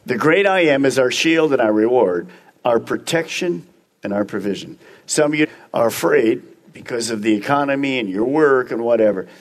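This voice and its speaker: A man's voice: mid-range voice, expressive, moderate pace. A man preaching a sermon as pastor, emphatic and speaking straight to the congregation with repeated phrases.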